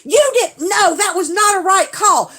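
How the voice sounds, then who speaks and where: A woman imitating her excitable older mother, who shouts and scolds the referees while watching football on TV. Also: very high-pitched, measured pace, pitched above the performer's own voice, heavily acted. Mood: heated.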